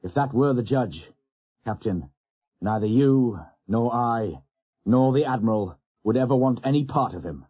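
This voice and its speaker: A man's voice: mid-range voice, lively intonation, a little slow, slightly rough, narrow, tinny audio. A man voicing a middle-aged ship's doctor who speaks bluntly and wryly. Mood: earnest. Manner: wry, blunt, storytelling.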